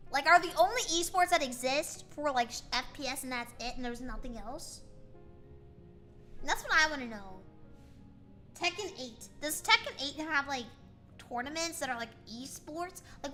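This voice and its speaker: A woman's voice: high-pitched, bright, forceful tone. A woman VTuber streamer from the United States, chatting casually and playfully, asking lots of questions and reading chat aloud. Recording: faint music behind.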